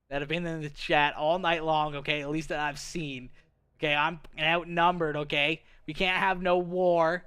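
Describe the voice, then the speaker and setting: A Canadian man with a Canadian accent hosts a casual livestream chat from his home streaming setup, his voice on the high side, pushed and bright with a clean tone. He's playful, laughs often, and keeps tacking "okay" onto his lines.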